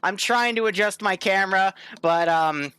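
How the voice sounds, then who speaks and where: A man's voice: high voice, normal speed, sharp tone. A man hosting a live stream, playfully talking through a recipe like a mock cooking show and swearing often. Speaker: stream commentator. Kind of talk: joking live-stream banter.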